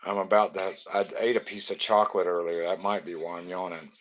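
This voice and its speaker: A man's voice: low voice, flat delivery, a little fast, a bit bright. Laid-back man chatting live. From Florida. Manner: loose, joking, greets viewers by name. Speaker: live stream host. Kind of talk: casual live stream chat.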